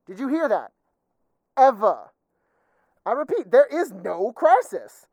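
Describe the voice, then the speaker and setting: A woman playing a pompous, evasive town mayor in an audio drama, insisting loudly that nothing is wrong. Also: on the high side, very animated, slow pace, no echo, heavily acted.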